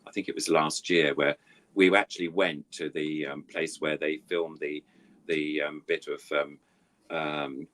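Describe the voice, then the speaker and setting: Older puppeteer, deep voice, chatty and self-deprecating storyteller. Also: male voice, little pitch movement, measured pace, fairly bright tone. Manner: rambling, self-deprecating storytelling with many fillers. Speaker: puppeteer guest. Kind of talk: anecdotal interview chat.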